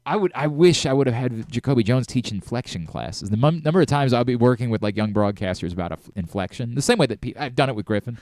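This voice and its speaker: A middle-aged man hosting a sports radio talk show, talking in an animated way with frequent restarts and self-corrections. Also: mid-range voice, quick pace, few pauses, no echo, studio quality.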